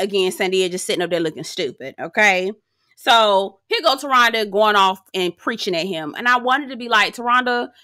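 A woman's voice: mid-range voice, bright, forceful tone, dry recording, studio quality. A young adult woman giving a sassy, blunt, profane recap of a reality show, talking straight to her viewers. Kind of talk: casual recap commentary.

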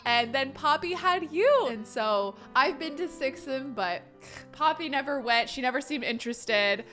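A woman voicing a grandmother telling her grandchild a story, slowly. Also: high voice, animated, a bit bright, faint music behind. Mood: storytelling.

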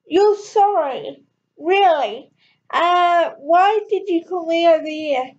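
Irritated male doctor roused at dawn, read by a woman, slow and high, in a home audio story. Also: expressive, lo-fi sound, exaggerated voice. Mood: exasperated. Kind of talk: amateur audio story reading.

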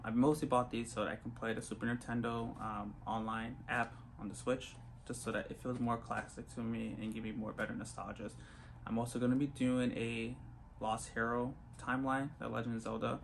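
Gravelly monotone young man, awkward vlogger. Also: mid-range voice. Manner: monotone, awkward, many ums. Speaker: unboxing vlogger. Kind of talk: casual unboxing vlog. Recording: faint background noise.

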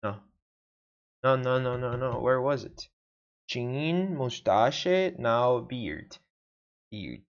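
Portuguese-native man, very slow, repetitive self-study drills; dull lo-fi home recording. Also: medium pitch, expressive. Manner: repeats words aloud over and over, mutters to himself. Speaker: language learner. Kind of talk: casual self-study practice.

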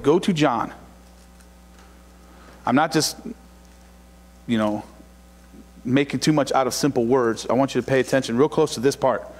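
A man preaching a sermon as pastor, building to loud, repeated emphatic lines and reading scripture slowly and deliberately. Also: mid-range voice, in a large hall. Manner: preaching with rising shouted emphasis and repetition.

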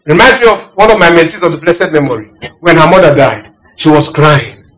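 A man preaching a sermon, asking the congregation "are you getting me" and swinging between loud emphasis and quiet asides. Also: fairly high pitch, fairly quick, low-quality recording. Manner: animated preaching with call-and-response questions. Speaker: pastor.

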